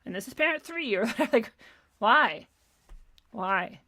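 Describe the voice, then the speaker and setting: A woman's voice: a little high, expressive, slow pace, pushed and bright. A woman host ranting sarcastically in casual commentary, exasperated and profane, often laughing.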